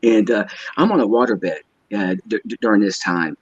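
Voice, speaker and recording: A man telling a personal story as a guest, halting and hesitant, often repeating his words. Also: fairly low pitch, slightly rough, dry recording. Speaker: guest caller. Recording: dull lo-fi line.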